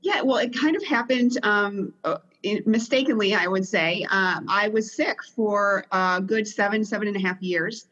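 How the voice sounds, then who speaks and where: A woman's voice: medium pitch, normal speed, a bit bright, highs cut off. A woman author guesting on a podcast, speaking in a conversational, reflective way with some hesitations. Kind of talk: casual interview talk.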